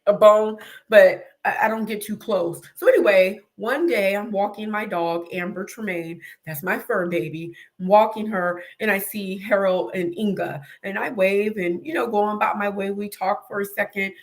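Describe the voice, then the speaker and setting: In this relaxed interview, the female host talks at an ordinary pace with few pauses, her voice in the middle range. Her animated, comic anecdote is packed with laughter and screams she reenacts herself.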